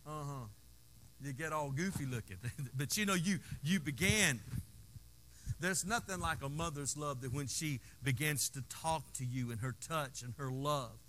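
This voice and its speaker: A man preaching a sermon in a high, bright voice, folksy and full of call-and-response. He swings from soft, intimate moments to playful asides, with faint room ambience behind him. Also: measured pace, slight background noise. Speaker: pastor.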